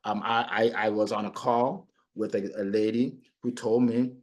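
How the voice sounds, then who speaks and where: A middle-aged man coaching on sales, talking in an animated way and acting out his prospects. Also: lowish voice, moderate pace. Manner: animated, acts out clients and prospects in quoted voices. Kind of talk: motivational sales talk.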